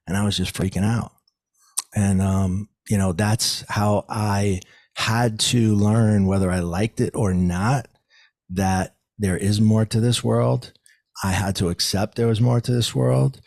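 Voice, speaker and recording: A man's voice: measured pace, creaky, no room sound. A middle-aged man, a psychic medium guest, telling his story in an interview and acting out the people he quotes. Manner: acts out quoted people with raised pitch, lively.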